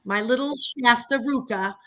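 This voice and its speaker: A woman's voice: fairly high pitch, moderate pace, a bit bright. A woman chatting casually on a livestream, venting animatedly and laughing often as she tells a story. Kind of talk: casual chat.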